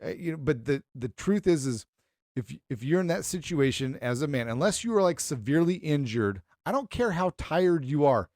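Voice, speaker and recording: A man's voice: fairly high pitch, expressive, normal speed, darkish tone, no echo, studio quality. A man co-hosting a podcast in casual chat, laying out firm opinions emphatically. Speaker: podcast co-host.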